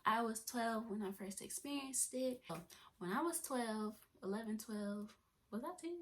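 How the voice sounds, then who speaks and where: A woman's voice: a little high, normal speed, slight background noise. A woman, telling her personal story in a chatty vlog. She often drops to a near whisper and repeats and restarts her phrases. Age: 20s. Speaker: vlogger.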